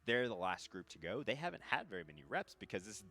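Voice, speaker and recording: Deep-voiced male co-caster, laughs a lot, excitable. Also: fast. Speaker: stream co-caster. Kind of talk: casual commentary banter.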